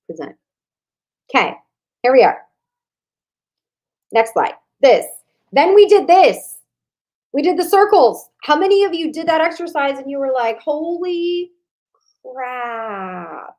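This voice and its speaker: Animated woman hosting a live workshop. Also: a little high. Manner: chatty, animated, talks straight to viewers and mutters to herself when slides fail. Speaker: online marketing coach hosting a live workshop. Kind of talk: live-streamed workshop talk.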